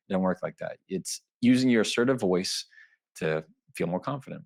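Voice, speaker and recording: A man, a lawyer guest on an interview show, explaining his ideas in a lively way and often acting out little quoted exchanges. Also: on the low side, fairly quick, vocal fry. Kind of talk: interview answers, explaining and teaching.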